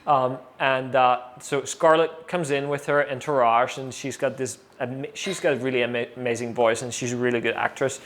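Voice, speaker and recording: Animated man telling a story. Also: mid-range voice, moderate pace, hardly any pauses. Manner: animated, acts out quoted voices, many fillers. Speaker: interview guest. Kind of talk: casual storytelling.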